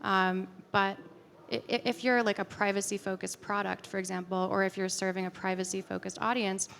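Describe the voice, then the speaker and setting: Woman conference speaker, chatty and filler-heavy, mid pitch, hall reverb. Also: flat delivery, brisk, creaky, fairly bright tone, a little hiss or hum. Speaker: conference speaker answering audience questions. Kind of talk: casual conference Q&A.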